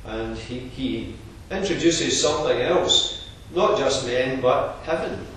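A man's voice: medium pitch, lively intonation, a bit bright, slight background noise. Man preaching in a very echoey hall. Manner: measured, earnest expository preaching. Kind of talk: sermon. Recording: very echoey, distant room recording.

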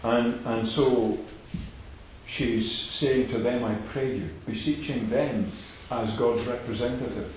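A man preaching a sermon, emphatic and repetitive, swinging between loud declarations and soft asides. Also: medium pitch, steady tone, slow, slight background noise. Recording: very echoey hall.

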